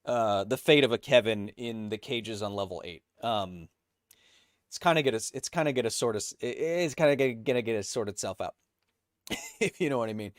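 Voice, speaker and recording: A lowish, expressive male voice, studio quality with no echo, belongs to a man in his thirties hosting a casual livestream. He jokes as he reads viewer comments aloud with quick asides, and coughing fits break in.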